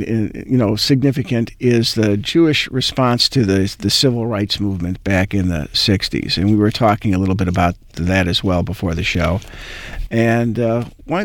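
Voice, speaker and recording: A man's voice: mid-range voice, dry recording. A man hosting an interview, talking in long rambling stretches full of restarts and filler words. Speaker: interview host. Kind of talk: conversational interview.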